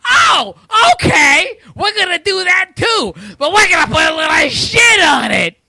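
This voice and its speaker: A man putting on the shrill, nasal, shouting voice of a game-company manager. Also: sing-song, a little slow, vocal fry, slight background noise, full character voice. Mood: smug.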